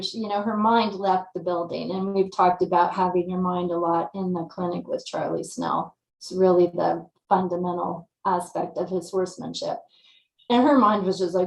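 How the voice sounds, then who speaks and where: Animated woman storyteller in an echoey room. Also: lowish voice, normal speed. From California. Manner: animated storyteller, acts out her own thoughts. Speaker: interview guest. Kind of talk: casual storytelling.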